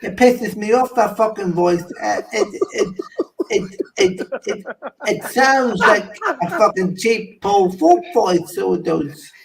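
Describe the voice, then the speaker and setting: A man's voice: high-pitched, animated, slow pace, creaky, background noise. Stammering, ranting man far from the mic. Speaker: livestream panelist. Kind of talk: casual chat.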